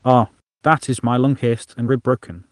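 A man's voice: medium pitch, steady tone, moderate pace, no echo, studio quality, lightly acted. A man voicing a wounded male alien who talks through coughs and rising panic. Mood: strained. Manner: shouting, coughing.

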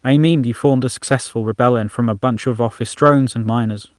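A man's voice: mid-range voice, steady tone, fairly quick, dry recording, natural voice. Man voicing a wounded male alien, coughing, strained, dry close sound. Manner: shouting, coughing.

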